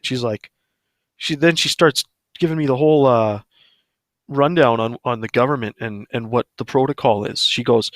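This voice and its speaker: A man's voice: mid-range voice, moderate pace, no echo. Brief: man, crude no-filter ranter, plain mid voice, dry. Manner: profane, blunt ranting. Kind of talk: casual storytelling on a livestream.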